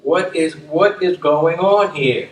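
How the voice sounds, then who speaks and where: A man's voice: on the high side, takes it slowly. Older man, emphatic, keeps asking "okay?". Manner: repeats "okay?" to check in, emphatic restatements. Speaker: community leader and former dean. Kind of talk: reflective conversation. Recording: roomy, distant mic with faint room noise.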